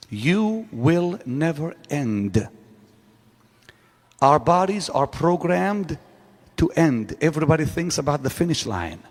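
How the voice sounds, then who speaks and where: A man preaching a sermon to a live audience in a large church auditorium, driving his point home with repeated rhetorical questions. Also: fairly high pitch. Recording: long reverb of a large hall.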